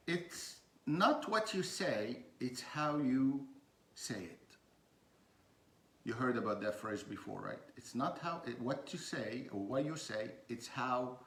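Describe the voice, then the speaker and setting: Male coach, slow halting delivery with many fillers, reverberant room. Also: medium pitch, a bit bright. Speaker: communication coach. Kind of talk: informal teaching talk. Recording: echoey room.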